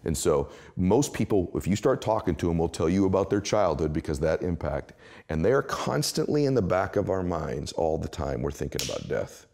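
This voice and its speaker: Gravelly and low-sitting, a middle-aged man's voice moves at normal speed as he tells motivational stories as an interview guest. He delivers them emphatically and with animation.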